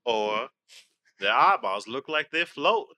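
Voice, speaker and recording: A young man co-hosting a casual comedy podcast, rambling and self-deprecating, with a lively, joking delivery. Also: medium pitch, takes it slowly, no room sound. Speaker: podcast co-host.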